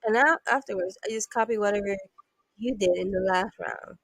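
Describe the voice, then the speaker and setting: A woman's voice: mid-range voice, a little fast, gravelly, a bit bright, dry recording. A matter-of-fact copycat character from a video game, read out by a woman. The sound is dry and close. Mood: explaining.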